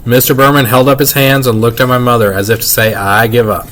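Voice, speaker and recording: A man reading a children's novel aloud in first-person narration, unhurried and plain. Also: mid-range voice, fairly even intonation, fairly bright tone, a little hiss or hum. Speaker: reader.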